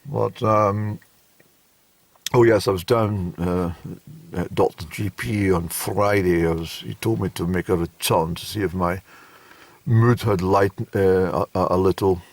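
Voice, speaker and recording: An older man with a Scottish accent telling a slow, hesitant, deadpan anecdote in a relaxed vlog. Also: low voice, vocal fry, no echo. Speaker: vlogger.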